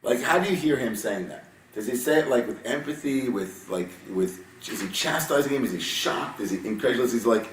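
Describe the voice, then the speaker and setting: A man giving a Torah study sermon, reading Hebrew verses and then explaining them in animated, casual English. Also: mid-range voice, a little fast, slight background noise. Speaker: rabbi teaching Torah. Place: synagogue sanctuary. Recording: roomy sound from a distance with faint ambience.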